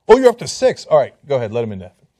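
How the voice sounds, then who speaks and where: A casual, bargaining God, as a man puts him on talks loudly and breezily. The voice swings up and down in a lively way. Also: mid-range voice, rapid-fire, dry recording, pitched below the performer's own voice. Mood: mocking. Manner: breezy, loud, mocking. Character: casual bargaining male God checking payments.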